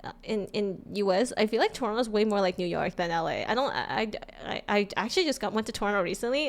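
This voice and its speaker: A woman from California with a Californian accent, chatting casually on a live stream in a bubbly, giggly way, often stumbling over and repeating her words. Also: on the high side.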